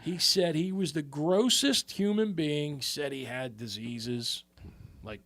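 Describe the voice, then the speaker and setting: A man's voice: fairly high pitch, slow pace, a bit bright, slight background noise. A man co-hosting a podcast, telling long rambling stories in casual chat and swearing freely. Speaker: podcast co-host.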